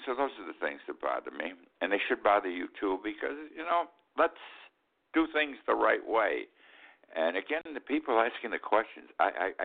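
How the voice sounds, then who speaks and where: Elderly male host in his eighties, low voice with lively swings, rambling and indignant, heard over a phone-thin line. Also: gravelly, narrow, tinny audio. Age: 80s. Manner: rambling, indignant, repeats himself. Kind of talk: opinionated political commentary.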